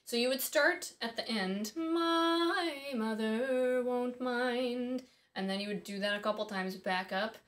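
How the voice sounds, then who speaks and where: A woman's voice: medium pitch, fairly quick, few pauses, fairly bright tone. A woman teaching singing in a casual, chatty way, thinking aloud and dropping in small asides as she explains. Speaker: voice and harp teacher. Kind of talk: casual instructional talk.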